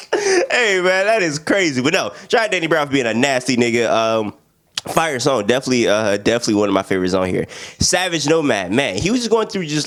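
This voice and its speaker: A young man giving a casual album review, slangy and excitable, laughing often and jumping into quick impressions of what others said. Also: medium pitch. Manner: animated, slangy, laughs a lot, jumps into quoted voices. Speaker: music reviewer.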